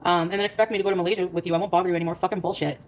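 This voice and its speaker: A woman on a casual livestream, rapidly recounting a quarrel by reading out her text messages. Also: on the low side, fairly even intonation, slight background noise, poor audio.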